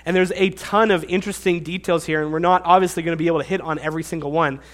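Man, young adult, preaching a sermon, animated, fairly high voice, sarcastic asides. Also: very fast.

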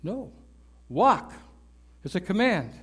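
A man's voice: high-pitched, animated, normal speed, a little mellow. A man preaching a conversational sermon, repeating key words for emphasis and checking in with his listeners. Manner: conversational teaching, checks in with "right?" and "okay?". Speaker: pastor.

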